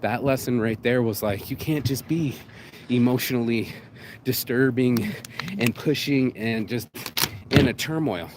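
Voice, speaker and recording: In an unhurried, medium-pitched voice, a man hosting his own video walks a street in the rain, shaken from crying. His emotional monologue rambles, raw and full of swearing, over background noise.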